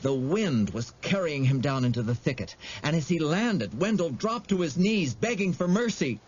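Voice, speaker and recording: A man narrating an audiobook in a dramatic, expressive storytelling manner. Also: fairly high pitch, normal speed, breathy edge, dull audio.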